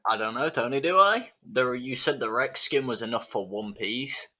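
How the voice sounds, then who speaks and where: A man playing in a tabletop game, excitable, swearing and stammering. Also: mid-range voice, normal speed. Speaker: player.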